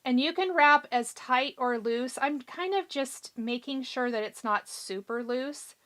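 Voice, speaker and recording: High-pitched lady doing a live craft tutorial, chatty and encouraging, bit hoarse, reads out viewer comments. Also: fairly bright tone. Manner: chatty, encouraging, thinks aloud while working. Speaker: craft show host.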